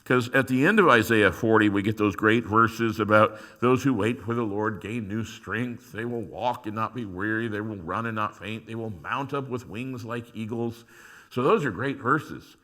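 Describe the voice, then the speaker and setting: A man preaching a sermon as a pastor, shifting from quiet reflection to loud emphasis. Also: fairly low pitch. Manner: acts out prayers and complaints to God in dramatic voices.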